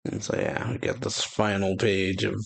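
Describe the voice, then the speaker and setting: A man hosting a reaction video, retelling and reading a comic chapter aloud in a halting way full of fillers. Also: sits low, level tone, creaky, dry recording. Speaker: channel host.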